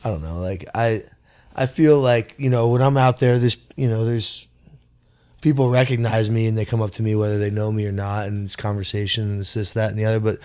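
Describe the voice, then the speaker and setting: A man's voice: fairly low pitch, steady tone, a little fast, darkish tone, clean tone. A man guest on a podcast, rambling in casual chat. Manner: rambling, full of fillers and restarts.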